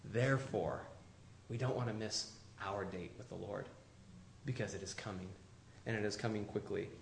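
A man preaching a sermon, moving between loud, urgent calls and hushed, low appeals. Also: normal speed, creaky, slight background noise. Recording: roomy echo.

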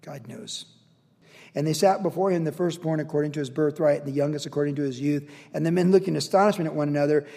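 A man's voice: fairly high pitch, fast talker, gravelly, warm tone, in a large hall. A man pastor teaching verse by verse through a Bible passage in an earnest, conversational and emotional way, with rhetorical questions.

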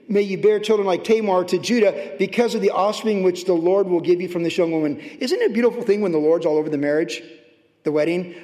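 High-voiced pastor preaching in a hall. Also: male voice. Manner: animated preaching, swinging from loud highs to hushed lows. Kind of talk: sermon. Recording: long reverb of a large hall.

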